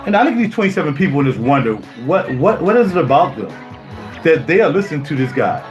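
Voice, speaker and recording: Indignant high-voiced man ranting on stream. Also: big pitch swings, fast, faint music behind. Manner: indignant, repeats himself, rhetorical questions. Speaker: YouTuber. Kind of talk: heated live-stream rant. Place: home music studio.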